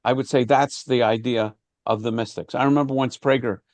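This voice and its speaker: A man's voice: medium pitch, steady tone, brisk, no room sound. A man leading an informal class discussion, talking conversationally with frequent restarts and fillers. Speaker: class teacher.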